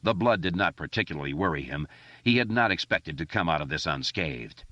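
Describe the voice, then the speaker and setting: A man narrating an audiobook in an expressive, steady reading style. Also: low voice, brisk, no echo. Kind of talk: scripted narration. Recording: dry, dull lo-fi recording.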